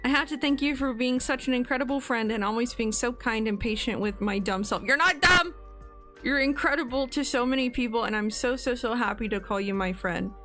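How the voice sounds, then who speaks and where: A woman's voice: a little high, steady tone, a little fast, few pauses, soft background music. A woman in her twenties, streaming casually and reading out birthday messages, giggling and getting emotional as she goes. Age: 20s. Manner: giggly and emotional, laughing often.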